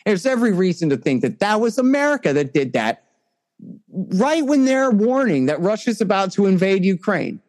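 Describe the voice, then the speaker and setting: A man with a darkish tone comments on politics as a guest in an interview, conversational yet emphatic, with frequent restarts. When he grows indignant, his pitch shoots up sharply.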